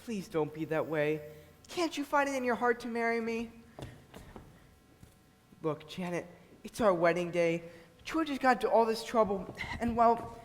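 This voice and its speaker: A man's voice: high-pitched, lively intonation, moderate pace, long pauses, slight background noise. A young man on a school stage playing an earnest groom who pleads with his bride, recorded in a reverberant auditorium. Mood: pleading. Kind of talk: school stage musical acting. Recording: reverberant hall, distant stage sound.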